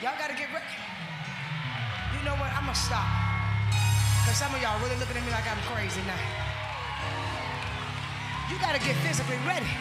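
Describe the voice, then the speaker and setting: A woman preacher delivering a fervent sermon to a congregation, swinging from low talk to shouted praise and calling on the church to answer her. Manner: preaches in a call-and-response style to the congregation. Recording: echoey hall with loud music.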